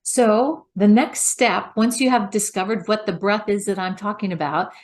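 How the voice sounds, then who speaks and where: A woman's voice: mid-range voice, moderate pace. A middle-aged woman voice coach giving a patient, step-by-step instructional talk. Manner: patient, explains step by step with demonstrations.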